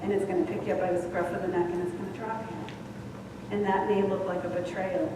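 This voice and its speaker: A woman's voice: lowish voice, level tone, fast talker. A middle-aged woman minister giving a sermon, speaking candidly and laughing at herself as she talks. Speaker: senior minister. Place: large church hall. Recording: echoey hall, distant mic, faint hiss.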